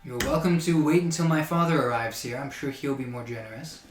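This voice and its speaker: A man's voice: medium pitch, steady tone, roomy sound, faint music behind, close to an everyday voice. Haughty young noble, as a man puts him on. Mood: cool, condescending. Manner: polite, measured, superior. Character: haughty young male noble, coolly condescending.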